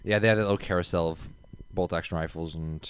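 A man's voice: deep voice, steady tone, fast, smooth. A man in casual chat, teasing and telling stories with animation.

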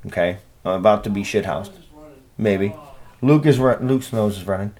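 A man's voice: on the low side, moderate pace, darkish tone. A man hosting a solo podcast, rambling and swearing in a self-deprecating, casual way. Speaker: podcast host.

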